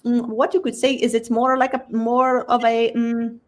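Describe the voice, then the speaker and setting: A woman giving a channeled spiritual talk, speaking as a collective voice, halting and repeating words as she searches for them and closing nearly every phrase with the same tag question. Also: fairly high pitch, little pitch movement.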